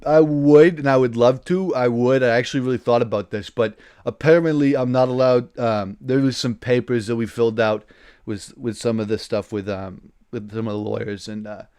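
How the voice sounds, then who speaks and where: A man hosting a livestream, delivering a satirical in-character political rant. He rambles, keeps cutting himself off, and flares into loud indignation. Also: mid-range voice, clean tone. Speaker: livestream host.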